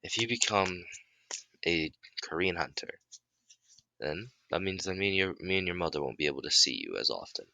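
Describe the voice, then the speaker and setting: A man voicing a caring middle-aged father in an improvised fan story, with a halting delivery. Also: deep voice, lively intonation, vocal fry, pushed and bright, dry recording, heavily acted. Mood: tender.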